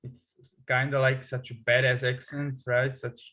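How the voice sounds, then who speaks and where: A man interviewing a guest in a casual conversation, talking hesitantly with many pauses and restarts. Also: mid-range voice, level tone, pushed and bright, dull audio. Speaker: English tutor, interviewer.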